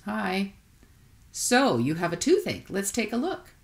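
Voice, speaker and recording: A woman's voice: medium pitch, very animated, unhurried, gravelly, voice pushed up. A woman reading aloud voices a talkative woman dentist who teases her patient while she works. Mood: chatty. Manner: talkative, teasing. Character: friendly, chatty woman dentist.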